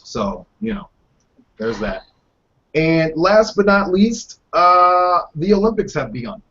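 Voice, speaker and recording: Male podcast host, bit high-pitched, muffled lo-fi recording, quick jokey political chat. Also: big pitch swings, a bit bright, a little hiss or hum. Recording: dull lo-fi podcast audio.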